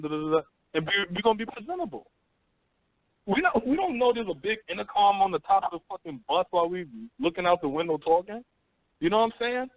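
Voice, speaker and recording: Radio host, male, higher voice, heated profane banter, dry tinny phone-line sound. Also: fairly quick, dry recording. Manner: animated, profane, swings between mocking voices. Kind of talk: casual call-in radio talk.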